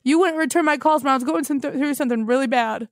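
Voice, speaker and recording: A woman's voice: high voice, fast, dry recording, clean studio sound. A young woman hosting a comedy podcast, talking in a melodramatic, accusatory, whiny way. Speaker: podcast host. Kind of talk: improvised comedy phone call.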